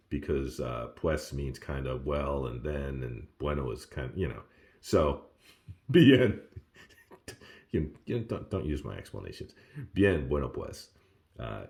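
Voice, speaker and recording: A man with an extremely deep voice talks through his beginner study notes in a relaxed, self-recorded way. He laughs often and jumps up in pitch when he exclaims. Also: normal speed. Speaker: language learner sharing study notes. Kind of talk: casual self-recorded lesson.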